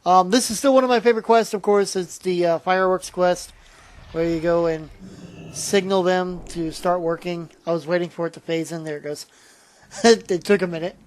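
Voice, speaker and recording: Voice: medium pitch, steady tone, moderate pace, darkish tone. Tired, rambling gameplay commentator. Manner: rambling, with frequent restarts and trailing asides. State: tired, yawning. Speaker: channel host.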